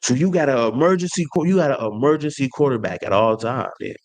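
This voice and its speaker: A man's voice: medium pitch, quick pace. Man ranting as a sports fan. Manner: animated trash talk with slang and restarts. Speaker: sports channel host. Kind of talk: fan rant to camera.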